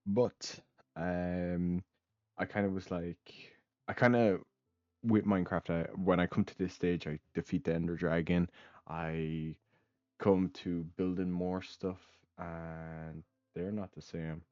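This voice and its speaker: A young gaming channel host rambles through a casual let's play, full of ums and uhs and offhand swearing, while he has the hiccups. His low, darkish voice keeps a fairly even intonation and a measured pace, recorded on a dull, dry lo-fi mic with no echo.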